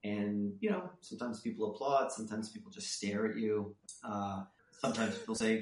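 A man guest on a casual interview, telling stories with lively energy and acting out the people in them. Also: fairly low pitch, normal speed, reverberant. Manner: animated storyteller who acts out people in his anecdotes. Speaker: author and screenwriter guest.

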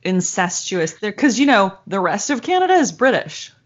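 A woman's voice: mid-range voice, moderate pace, lo-fi sound. An American woman co-hosting a podcast in casual chat, swearing freely and acting out the people she describes. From United States. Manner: profane, animated, acts out quoted voices. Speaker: podcast co-host.

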